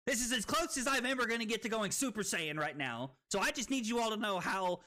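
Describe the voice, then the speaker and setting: A tipsy man streaming a card game, excitable and profane, bursting between loud shouts and low muttering as he banters with chat. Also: brisk, hardly any pauses.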